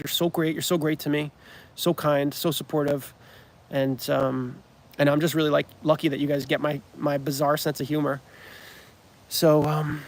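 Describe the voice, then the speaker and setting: Male comedy creator, casual livestream host, a bit higher than usual, full of restarts and ums. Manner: rambling, many restarts and ums. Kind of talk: livestream chat.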